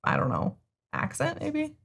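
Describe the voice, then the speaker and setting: A woman's voice: sits high, wildly swooping pitch, unhurried, creaky, a bit bright. A woman co-hosting a reaction video, chatting casually and teasing with a giggly manner. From United States. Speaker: reaction channel co-host.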